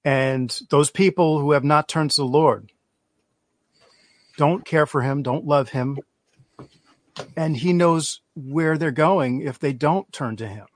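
A man hosting a faith show, giving measured, sermon-like commentary to his viewers. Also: fairly high pitch. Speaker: host.

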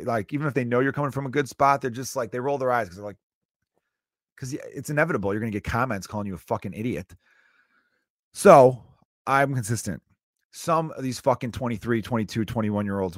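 A man's voice: mid-range voice, dry recording, clean studio sound. A man hosting a podcast, ranting in a casual, profane, exasperated way. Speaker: podcast host. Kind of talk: casual solo rant.

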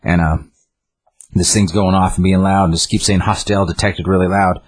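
A man's voice: deep voice, flat delivery, moderate pace, a little hiss or hum. A man casually retelling a comic book's plot and reviewing it, rambling with many fillers and restarts. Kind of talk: casual chat retelling a story.

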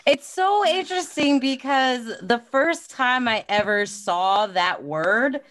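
A woman's voice: sits high, lively intonation, slow, a bit bright. A woman from New York with a New York accent, casually telling stories as a podcast co-host, enthusiastic and chatty. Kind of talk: casual chat.

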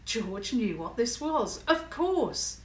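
Calm woman reading a children's story. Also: fairly high pitch, slow, echoey room, distant mic, poor audio.

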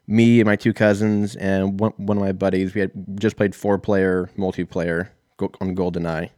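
A man's voice: low-pitched, little pitch movement, moderate pace, darkish tone, no echo, clean studio sound. A man in his thirties, telling a rambling, profane, self-mocking story in a casual solo podcast. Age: 30s. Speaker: podcast host.

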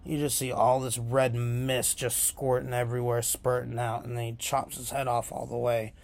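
A man's voice: medium pitch, monotone, normal speed, vocal fry, darkish tone. A man hosting his own podcast, rambling casually with many fillers. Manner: rambling, lots of filler ums. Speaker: podcast host.

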